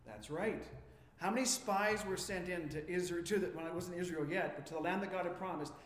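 A man's voice: high-pitched, fairly quick. A man preaching as a pastor, questioning the congregation and acting out quotes with a lifting voice. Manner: animated, asks the congregation questions; acts out quotes with rising voice. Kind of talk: interactive sermon. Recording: echoey hall with long reverb.

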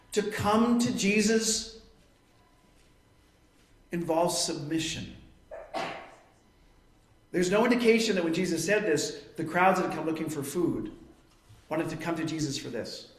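A man with a fairly high voice teaches from scripture in an earnest, emphatic sermon. The sound is roomy and echoey. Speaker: preacher. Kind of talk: expository Bible teaching.

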